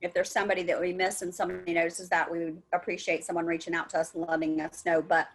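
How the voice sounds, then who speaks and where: A woman's voice: on the low side, level tone, fast talker. A woman on a webinar call, talking casually about her co-op center's work with many fillers and restarts. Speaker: co-op center staff, building a database. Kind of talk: webinar discussion. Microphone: video call.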